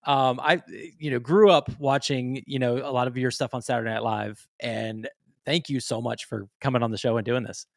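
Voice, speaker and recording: A man's voice: mid-range voice, steady tone, moderate pace, gravelly, dry recording, studio quality. A man hosting a podcast, asking questions in an eager, enthusiastic, loose way. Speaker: podcast host. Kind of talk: casual interview chat.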